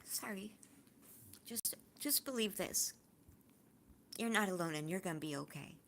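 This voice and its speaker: A woman with a fairly low voice hosts a casual livestream at a moderate pace, with slight background noise. She first speaks earnestly and personally to her viewers, heartfelt, confiding and warm, then turns lively, laughing and joking as she chats with the chat.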